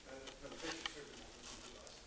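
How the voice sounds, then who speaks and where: A man in the audience speaking in a halting, earnest way. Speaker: audience member. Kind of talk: question from the floor. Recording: distant, echoey, hissy.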